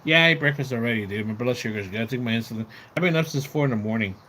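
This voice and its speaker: A man's voice: medium pitch, very fast, pushed and bright, a little hiss or hum. A man live streaming from outside his house, rambling in casual chat, repeating words and swearing when he gets riled up. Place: outdoors near his house.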